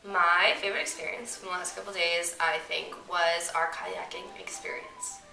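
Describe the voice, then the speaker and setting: A woman's voice: lowish voice, little pitch movement, normal speed, gravelly, sharp tone, roomy sound, faint music behind, low-quality recording. A young woman student chatting casually about a trip, loose and giggly.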